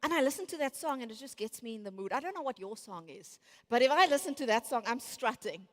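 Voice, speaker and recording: Keynote woman, late 30s, lively storyteller, a bit high, long hall echo. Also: fast. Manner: animated storyteller acting out inner voices. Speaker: conference speaker. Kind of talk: motivational keynote talk. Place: large conference hall. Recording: reverberant large hall.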